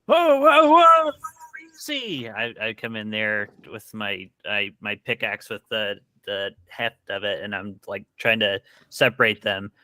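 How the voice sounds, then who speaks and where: A man playing a tabletop role-playing game, describing his character's actions with some halting. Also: lowish voice, little pitch movement, sharp tone, clear, resonant tone, no echo. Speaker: player. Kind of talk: casual tabletop game play.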